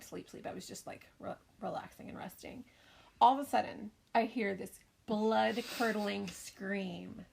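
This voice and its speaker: A middle-aged woman, a podcast co-host and mother, telling a family story in casual chat, animated and often laughing. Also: medium pitch, creaky.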